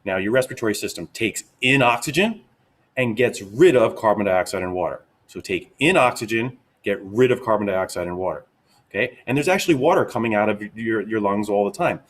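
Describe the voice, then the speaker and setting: A man giving a lively, casual science lesson to kids, checking in often with "okay?". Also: fairly low pitch, brisk. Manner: energetic, upbeat, repeats "okay?" often. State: out of breath. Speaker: teacher.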